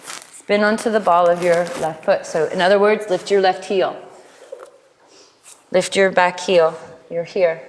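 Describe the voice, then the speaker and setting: A woman teaching a live yoga class, cueing poses in a playful way with quick asides. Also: on the low side, steady tone, slight background noise. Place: yoga studio. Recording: long hall reverb in studio.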